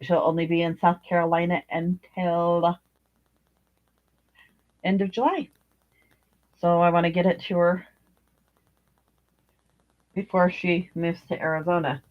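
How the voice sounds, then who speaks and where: Slow, rambling crafter woman. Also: on the low side, level tone. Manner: rambling, unhurried, thinks aloud with fillers. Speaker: crochet vlogger. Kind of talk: casual chat while crocheting. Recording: dull lo-fi home recording.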